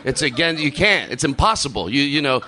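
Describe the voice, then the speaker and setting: A man's voice: on the high side, sing-song, a little fast, sharp tone. A man hosting a casual comedy chat, joking and rambling in asides.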